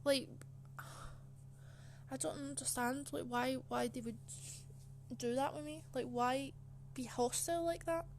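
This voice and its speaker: A young woman telling a story straight to camera in a chatty, aggrieved way, her sentences loaded with fillers. Her voice sits a little high for a woman. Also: fairly even intonation, a little slow, pauses often, a little hiss or hum. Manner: chatty and indignant, full of "like" fillers. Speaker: channel host. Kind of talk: casual storytime.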